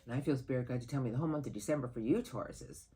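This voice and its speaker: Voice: medium pitch, very fast, mellow, slight background noise. A tarot card reader giving a monthly horoscope reading in an earnest, heartfelt, rambling way.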